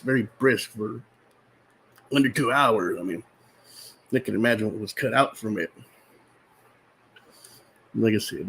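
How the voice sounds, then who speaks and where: A man's voice: lowish voice, fairly bright tone, husky, poor audio. A man reviewing a movie in a casual vlog, rambling and restarting his sentences, exasperated and incredulous, sometimes talking while eating popcorn.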